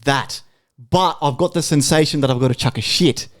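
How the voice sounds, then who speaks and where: A man's voice: a little high, moderate pace, no room sound, studio quality. A young Australian man hosting a podcast, telling a long story in casual, swearing chat. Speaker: podcast host.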